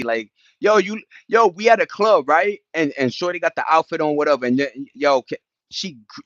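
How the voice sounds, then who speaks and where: Animated New man telling stories. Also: dry recording, highs cut off. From New York. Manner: animated, slangy, jumps into high-pitched impressions and beatboxing. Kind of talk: casual storytelling chat.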